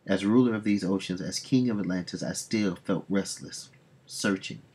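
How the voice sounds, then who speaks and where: A man reading a comic aloud, voicing a brooding male sea king in a slow, solemn way. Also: low voice, darkish tone, husky.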